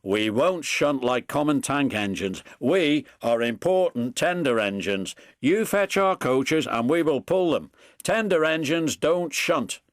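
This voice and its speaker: A man's voice: on the high side, animated, a little slow, no room sound, clean studio sound, pitched above the performer's own voice. A man voicing a proud, rude big male steam engine, talking in a haughty, scornful way.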